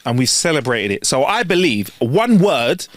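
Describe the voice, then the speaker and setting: A man's voice: medium pitch, sing-song, normal speed, fairly bright tone, dry recording. A man co-hosting a podcast, joking in slangy casual banter and laughing often. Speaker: podcast co-host.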